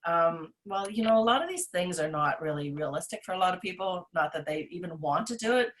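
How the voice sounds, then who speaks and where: A woman's voice: lowish voice, expressive, fairly quick, a crowd in the background. A middle-aged woman, a nutritionist co-hosting a podcast, talking in a rambling, earnest way about holding back and health, with many fillers and restarts. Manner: rambling and earnest, self-described rant. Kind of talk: casual chat.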